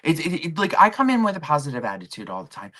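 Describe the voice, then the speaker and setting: Woman, casual livestream chat, low voice, bright tone, very lively pitch, rambling storyteller. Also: quick pace. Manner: animated storytelling with quoted voices; rambling with restarts and asides to chat. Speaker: livestream host. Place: home.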